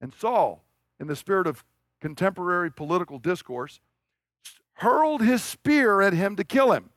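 A male preacher with a high-pitched voice delivers a sermon like a chat, telling the story and tossing out rhetorical questions. The sound is dry and close, with no room echo. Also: very animated, normal speed, fairly bright tone.

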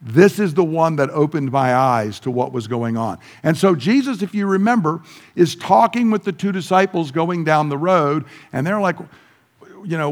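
A man's voice: on the high side, expressive, moderate pace. A man teaching a sermon who explains the text step by step and briefly acts out the quoted dialogue. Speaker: pastor. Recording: long hall reverb.

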